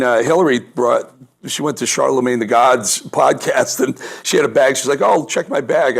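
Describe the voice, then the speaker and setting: A man appearing as a guest commentator, fired up and often stumbling and restarting mid-sentence. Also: medium pitch. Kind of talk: political commentary in a remote interview.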